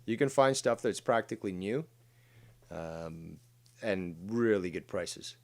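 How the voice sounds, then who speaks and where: A man hosting a livestream with a slightly low voice. He talks bluntly and swears freely. He reads chat comments aloud in an offhand way. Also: lively intonation, slow pace. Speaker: host.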